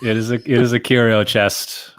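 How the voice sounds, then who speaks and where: A man's voice: medium pitch, level tone, normal speed, smooth. A man answering trivia questions in casual chat, easygoing and hesitant when unsure. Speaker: trivia contestant.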